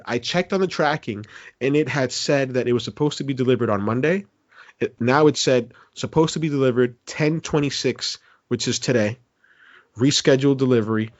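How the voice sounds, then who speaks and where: A man's voice: medium pitch, dry recording. A man with a mid-range voice co-hosts a casual podcast, recorded on muffled lo-fi audio. He spins a long complaint with plenty of swearing and acts out his own lines. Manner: animated, profane, acts out his own quotes. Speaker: podcast co-host. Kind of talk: casual storytelling chat.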